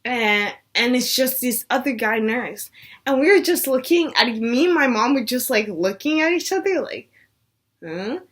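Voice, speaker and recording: A woman's voice: high voice, animated, normal speed, fairly bright tone. A young woman vlogger telling a personal story in a casual chat, saying "like" a lot. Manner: chatty, says "like" a lot.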